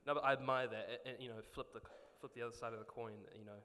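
A man's voice: mid-range voice, fairly even intonation, very fast. A young man chatting casually and hesitantly, with many fillers, about his father. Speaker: son in a family discussion. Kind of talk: casual chat. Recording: echoey room, faint noise.

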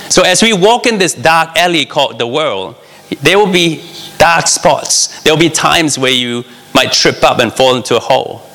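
A man's voice: medium pitch, fairly bright tone. A man preaching a sermon in an earnest, conversational way, speaking straight to his listeners. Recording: long reverb of a large hall.

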